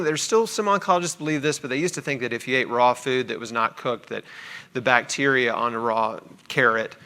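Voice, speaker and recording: A middle-aged man telling his own story to an audience in a chatty, animated way, acting out the people he quotes. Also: medium pitch. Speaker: cancer survivor sharing his story.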